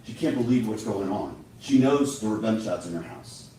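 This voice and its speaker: A man's voice: lowish voice, expressive, normal speed, warm tone, a little hiss or hum. A man giving a courtroom closing argument as prosecutor, speaking emphatically and persuasively, addressing the jury directly. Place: large courtroom. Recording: echoey courtroom from far off.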